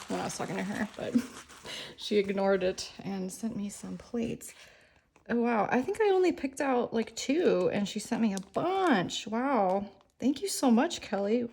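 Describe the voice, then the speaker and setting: A woman chatting excitedly in a casual vlog about nail art, filling her talk with "like" and "um.". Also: on the high side, creaky. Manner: bubbly, enthusiastic, lots of "like" and "um".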